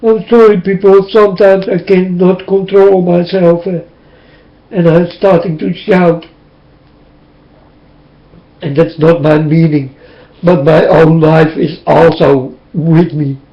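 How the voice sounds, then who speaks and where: A high-voiced man whose first language is Dutch pleads slowly and with emotion, his talk drifting into preaching. He speaks into a webcam, and the sound comes through dull and lo-fi. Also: fairly even intonation. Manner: impassioned, tearful, repetitive preaching. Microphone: webcam mic.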